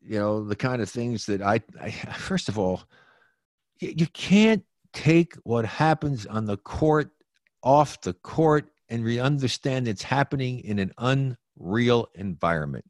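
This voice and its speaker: A man's voice: medium pitch, lively intonation, unhurried, a little mellow, no room sound, studio quality. A man hosting sports talk, giving his opinions in a rambling way.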